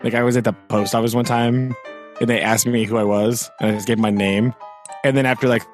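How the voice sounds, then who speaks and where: A man's voice: mid-range voice, steady tone, a little fast, faint music behind. A man co-hosting a podcast, chatting and teasing wryly. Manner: wry teasing, swooping voice. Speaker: podcast co-host. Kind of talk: casual chat.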